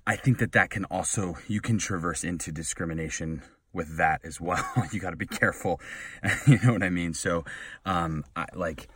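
Very deep-voiced man, earnest booth chat. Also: moderate pace, a bit bright, slightly rough, no echo, studio quality, recorded from a distance. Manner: earnest, rambling explanation. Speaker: professional voice actor. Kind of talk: casual vlog chat. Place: small recording booth.

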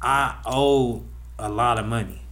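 Relaxed young man telling stories. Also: medium pitch, measured pace. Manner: relaxed and rambling, slangy, with frequent fillers. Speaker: guest. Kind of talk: casual storytelling interview.

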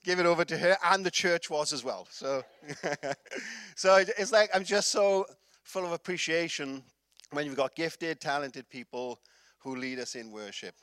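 A middle-aged Welsh man preaches a sermon in a relaxed, chatty way, full of fillers and quick asides. His voice sits high for a man. The sound is dry and close, with no room around it. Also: dry recording. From Wales. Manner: chatty, laughing storyteller with many fillers. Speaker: pastor.

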